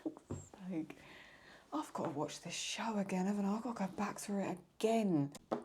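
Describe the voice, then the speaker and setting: A young woman chatting excitedly and mocking herself while she reacts to videos as host of her channel. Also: medium pitch, quick pace, a little hiss or hum. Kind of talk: casual reaction commentary.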